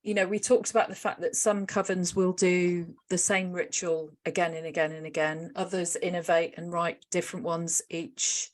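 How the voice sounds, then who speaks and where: A woman's voice: on the low side, little pitch movement, moderate pace, few pauses. A woman hosting an interview over a video call, asking questions in a friendly, hesitant way. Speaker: interview host.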